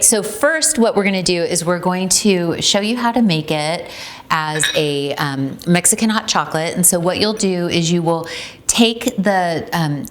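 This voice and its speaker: A woman's voice: low voice, slight background noise. A middle-aged woman from Ukraine, the founder of a tea company, demonstrating a recipe in a chatty way with many ums. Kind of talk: casual recipe demo.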